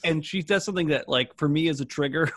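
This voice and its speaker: A man's voice: fairly high pitch, fast talker, a bit bright, no room sound, studio quality. A man co-hosting a podcast, chatting casually and playfully as he guides the discussion. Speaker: podcast co-host. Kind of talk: casual chat.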